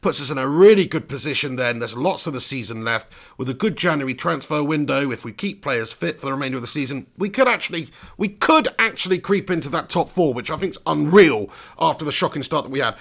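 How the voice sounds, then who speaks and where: Gravelly man hosting a football watch-along. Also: on the high side, brisk, few pauses. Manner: chatty, bursts into excited play-by-play. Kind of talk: live commentary and chat reading.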